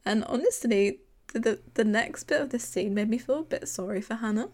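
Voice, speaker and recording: A woman's voice: a little high, fairly quick, a little mellow. A young woman co-hosting a podcast, recapping a TV episode in casual chat and often acting out lines from the scenes with a giggle. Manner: chatty, giggly, retells scenes in quoted voices. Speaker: podcast co-host.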